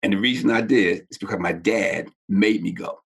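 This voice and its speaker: Gravelly older man telling his story. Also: deep voice, normal speed. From Baltimore, United States. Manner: animated storyteller, acts out quoted voices. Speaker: podcast guest. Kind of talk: personal storytelling in an interview.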